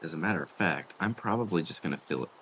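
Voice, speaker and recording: A man's voice: low voice, expressive, a bit bright, slight background noise. A man streaming a building game, chatting casually with viewers and reacting as he plays. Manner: chatty, talks to chat while building, quick exclamations. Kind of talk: casual gaming chat with viewers.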